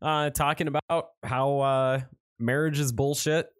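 A man's voice: mid-range voice, fairly even intonation, measured pace, clean tone, dry recording, studio quality. A man co-hosting a podcast, recapping a movie in casual chat, joking and swearing freely. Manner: profane, joking, rambling. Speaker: podcast co-host.

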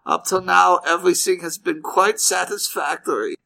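A man voicing a calm, formal young German boy who speaks slowly and primly. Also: sits high, vocal fry, pitched above the performer's own voice, exaggerated voice. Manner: prim, formal, slow.

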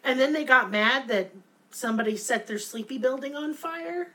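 A young woman rants with sarcastic, profane energy while co-hosting a casual podcast chat. Her voice sits a little high and swings widely in pitch as she works herself up. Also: lively intonation, normal speed, fairly bright tone, rough recording. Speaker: podcast co-host.

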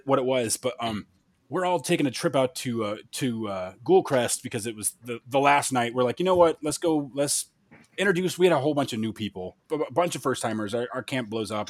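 A man in casual podcast chat, telling a story with excitement and frequent restarts. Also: medium pitch, dry recording. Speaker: podcast host or guest.

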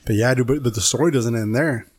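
A man's voice: mid-range voice, quick pace, breathy edge, no room sound. Rambling casual man telling a story, dry sound. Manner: rambling, says "dude" a lot. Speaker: podcast co-host telling a story.

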